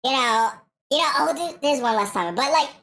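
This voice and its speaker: A young woman co-hosts a casual podcast with a notably high, light voice. She rants animatedly, swears freely and keeps the energy up. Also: brisk. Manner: animated ranting with lots of swearing. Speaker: podcast co-host. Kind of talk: casual chat.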